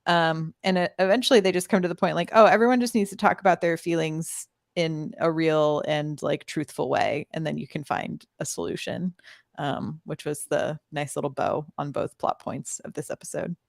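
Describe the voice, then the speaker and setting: Podcast co-host, woman; fry-tinged lower voice, dead-dry close mic, easy laughs. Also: moderate pace, no echo. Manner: laughs often, fills with "um". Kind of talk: casual podcast review chat.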